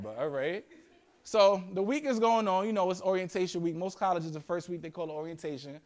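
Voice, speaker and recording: A young man with a New York accent talks to a room of students in animated, slangy storytelling. His voice sits fairly high for a man. He keeps the tone playful and conversational. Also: a little fast. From Yonkers, New York. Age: young adult. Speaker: guest speaker. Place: school classroom.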